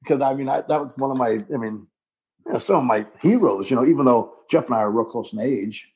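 Gravelly, husky-voiced man, rambling. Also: mid-range voice, warm tone. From Southern California. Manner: rambling, halting, with restarts and laughs. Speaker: punk singer, guest. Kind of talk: casual interview.

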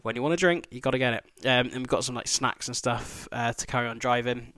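Male podcast host, fast, profane, rambling storyteller, dry close sound. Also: medium pitch, sharp tone, dry recording. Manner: sweary, rambling, laughing asides. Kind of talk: casual travel storytelling.

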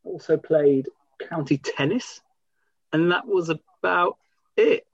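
A man's voice: on the high side, expressive, slow pace, dry recording, lo-fi sound. A man in his thirties from England, co-hosting a podcast in easy, friendly chat and laughing easily. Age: 30s. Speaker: podcast co-host. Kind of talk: casual chat. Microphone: new home microphone.

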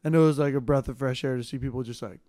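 A young man, a volleyball player and podcast guest, reflecting in a relaxed casual chat. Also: medium pitch, quick pace.

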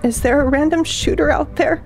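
A woman eyewitness reading from her journal in a hushed, halting way that drops to breathy whispers, then talking casually at home. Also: sits high, faint music behind. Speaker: eyewitness guest.

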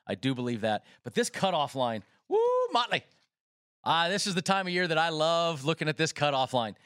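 A man co-hosting a sports betting show, running through odds and drivers in an excitable, rapid way from a studio. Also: a little high, smooth, no room sound. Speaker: co-host.

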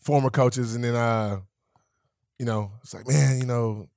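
A man in his thirties, a guest in a casual interview, telling a story in a relaxed way. He swears freely, acts out what others said, and laughs as he talks. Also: mid-range voice, a little slow, dry recording, studio quality. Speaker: guest, professional athlete.

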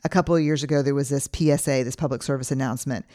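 A woman in her forties hosting a podcast, speaking in an earnest, conversational monologue and slowing down to stress her points. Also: very deep voice, fairly even intonation, mellow. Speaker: podcast host.

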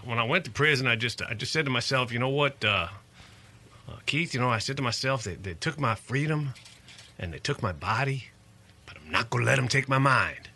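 A steady Southern man with a Virginia drawl talks in a calm, unhurried way and keeps coming back to "man, listen." A man is doing this voice, and it sits a bit higher than his own. The sound is bright and forceful. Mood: calm, resolute.

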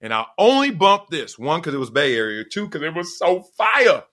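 A middle-aged man hosting a casual solo podcast, telling slangy, animated stories and laughing often. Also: on the high side, brisk. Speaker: podcast host.

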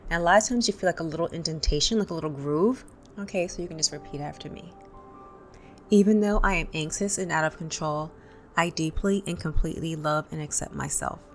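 A woman leading a guided tapping session, calmly calling out tapping points and repeating affirmations for listeners to echo. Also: low-pitched, fast talker, soft background music. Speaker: tapping instructor.

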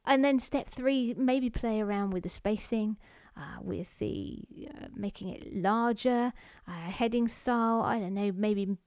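A woman's voice: mid-range voice, a little mellow, no echo, studio quality. A woman hosting a self-help podcast, explaining exercises step by step in a friendly way with a few fillers. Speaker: podcast host.

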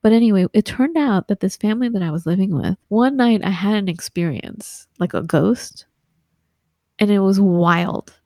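A woman with a Southern Californian accent talks casually and with animation, sprinkling "like" through her stories. Her voice is mellow and warm. The recording is dry and close, with no room sound. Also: medium pitch, moderate pace, no echo. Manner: chatty, animated storyteller with frequent "like" and laughs. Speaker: guest. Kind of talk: casual conversation.

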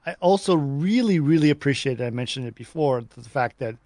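A man co-hosting a casual film discussion, talking in halting, rambling sentences full of restarts. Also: medium pitch, animated, warm tone, no echo, studio quality. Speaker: podcast co-host.

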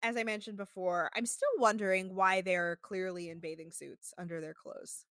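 A young adult woman co-hosting a casual recap podcast, animated and profane. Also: normal speed, no echo. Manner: animated, swearing, mimics people in high voices. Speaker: podcast co-host.

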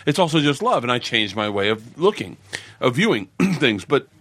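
A man's voice: medium pitch, normal speed, no echo. A middle-aged man from the American South, telling stories in casual chat and acting out the people he quotes. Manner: animated storyteller, acts out quotes.

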